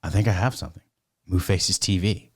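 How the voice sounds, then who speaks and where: Guy with a lowish voice, swears a ton, rambling stories on a podcast. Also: a little fast, husky. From United States. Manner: swears constantly, rambling anecdotes. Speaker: podcast guest. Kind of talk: casual storytelling.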